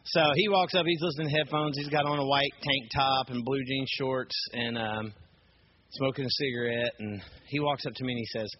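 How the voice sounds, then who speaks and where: A man, a youth group leader, telling a personal story in a lively way, full of fillers and acted-out quotes. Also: medium pitch, fairly quick, muffled recording, slight background noise.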